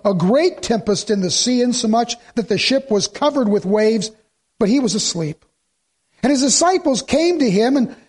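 A pastor preaches a sermon in church in a very high, darkish-toned male voice. He quotes scripture and poses rhetorical questions to his congregation, at times sarcastically.

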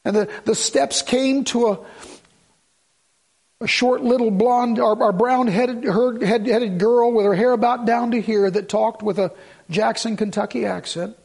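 A middle-aged man preaching a sermon as pastor, moving from hushed prayerful lines to urgent appeals. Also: very high voice, fairly even intonation, a little slow, gravelly.

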